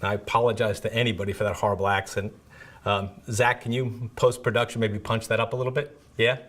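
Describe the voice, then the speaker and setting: A man's voice: lowish voice, level tone, quick pace, fairly bright tone. A man presenting a security awareness video episode in a conversational, self-deprecating way, often checking in with "right?".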